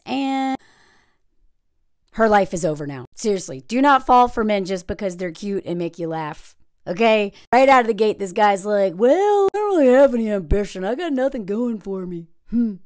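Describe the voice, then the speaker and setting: A woman's voice: medium pitch, no echo, clean studio sound. A woman giving blunt, sarcastic commentary on a film, with emphatic delivery. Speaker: video creator reviewing a film.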